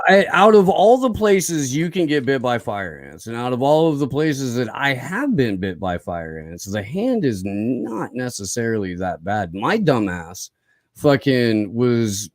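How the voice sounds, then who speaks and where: A man hosts a podcast in casual chat, joking crudely and swearing freely. His voice is mid-pitched and dry, close to the mic. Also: no room sound.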